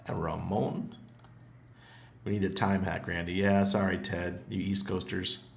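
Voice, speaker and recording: A middle-aged man with a hoarse voice, hosting a casual livestream, chatty and laughing often as he greets viewers. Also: sits low, fairly even intonation, unhurried, slight background noise. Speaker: livestream host.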